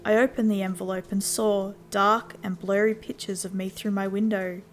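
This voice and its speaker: A woman narrating a first-person horror story in a steady storytelling voice. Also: medium pitch, moderate pace. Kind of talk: scripted scary story narration.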